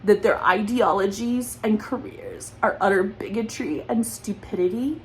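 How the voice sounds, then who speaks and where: Woman, tearful, accusatory, repetitive, mid pitch, faint noise behind. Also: a little slow, rough recording. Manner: accusatory, repetitive, near tears. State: close to crying. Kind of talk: emotional personal monologue.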